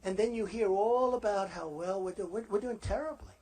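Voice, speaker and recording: A man's voice: high voice, fairly quick, a little mellow, husky. A man running for president gives a rambling, boastful campaign rally speech to a live crowd and repeats himself often. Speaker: presidential candidate.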